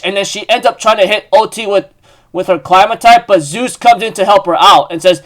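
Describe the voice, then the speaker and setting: A young man with a notably high voice recaps a comic chapter in a loose, casual way. He rambles, restarts sentences and leans on "like, um" fillers. It comes across as an easygoing fan chat. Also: fairly quick. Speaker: manga recap host.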